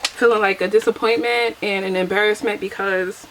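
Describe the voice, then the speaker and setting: A woman's voice: medium pitch, fairly even intonation, moderate pace, a little hiss or hum, rough recording. A young adult woman chatting casually through a get-ready-with-me makeup vlog, chatty and self-deprecating, laughing often, recorded on a camera mic at home. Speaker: beauty vlogger.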